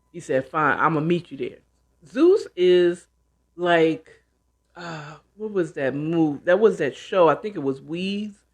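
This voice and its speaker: Woman host recapping a book she's reading, chatty, goes off on side tangents. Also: on the low side. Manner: chatty, animated asides. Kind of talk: casual book retelling and commentary.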